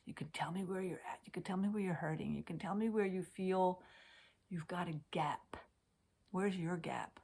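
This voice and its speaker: A woman's voice: on the low side, steady tone, a little fast, gravelly, few pauses. A woman coaching decluttering, speaking straight to camera on a computer, dropping to near-whispers and rising to emphatic declarations. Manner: intimate, swings from soft whispers to emphatic declarations. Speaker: Swedish death cleaning coach. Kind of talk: heartfelt direct-to-camera talk. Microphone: webcam on a computer.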